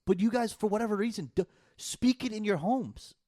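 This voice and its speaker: A man's voice: high-pitched, lively intonation, brisk, dark tone. A man, co-hosting a casual podcast chat and ranting heatedly with plenty of swearing. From United States. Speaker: podcast co-host.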